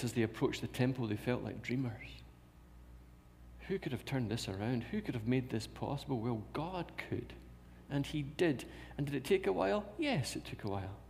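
A man with a gravelly, mid-range voice preaches a sermon in a church, repeating key phrases and posing rhetorical questions. The recording carries the long reverb of a large hall.

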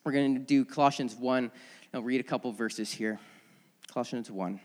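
A man's voice: mid-range voice, moderate pace. A man giving a sermon in a church, earnest and conversational, often restarting his phrases as he tells a story. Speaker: preacher. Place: church sanctuary. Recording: long church reverb.

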